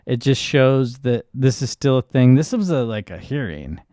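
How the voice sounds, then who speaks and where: A man co-hosting a podcast, talking in casual, profane banter with animated asides. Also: mid-range voice, no echo, studio quality. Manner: animated, swearing, quick asides. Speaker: podcast co-host.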